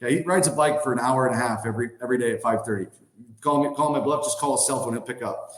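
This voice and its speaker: Animated male guest telling stories, roomy echo. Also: medium pitch, rapid-fire. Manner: animated, acts out quoted voices, many "like" and "I mean" fillers. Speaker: podcast guest, former hockey player. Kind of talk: casual storytelling.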